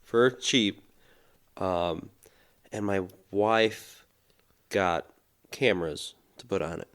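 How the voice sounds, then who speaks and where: A man's voice: low-pitched, slow pace, fairly bright tone, clear, resonant tone. A man co-hosting a podcast, telling a story in casual chat and laughing at his own tale. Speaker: podcast co-host.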